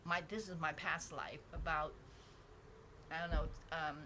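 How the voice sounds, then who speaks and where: A woman's voice: deep voice, fairly even intonation, a little slow, bright, forceful tone, a little hiss or hum. A woman vlogger talking candidly on her own channel, rambling and self-reflective with many restarts, recorded on a dedicated microphone indoors. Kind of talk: casual talking-head reflection. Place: indoors at home, painting behind her.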